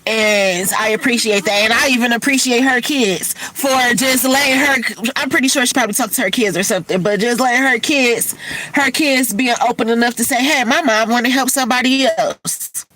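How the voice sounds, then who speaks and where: A woman's voice: fairly high pitch, moderate pace, sharp tone, slight background noise, poor audio. Tearful woman livestreaming, candid and sniffly. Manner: tearful, candid, addresses viewers as y'all. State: teary, sniffly from crying. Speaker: livestream host. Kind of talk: emotional casual livestream talk.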